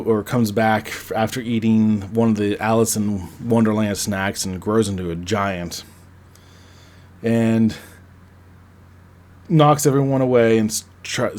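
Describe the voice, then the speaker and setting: Low-voiced host rambling through a film recap, casual. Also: male voice, a little mellow. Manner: rambling, conversational, frequent restarts. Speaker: podcast host reviewing a film. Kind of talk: casual plot recap and review.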